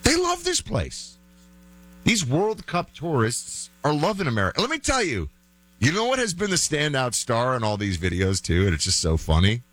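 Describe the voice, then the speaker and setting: A man's voice: mid-range voice, very animated, normal speed, fairly bright tone. A man hosting a talk show, giving chatty, opinionated commentary full of fillers and restarts.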